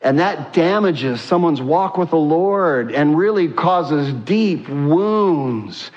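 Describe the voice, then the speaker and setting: High-pitched pastor preaching with emphasis. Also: male voice, animated, slow, darkish tone, lo-fi sound. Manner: emphatic, repeats points, frequent "uh" fillers. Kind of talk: sermon.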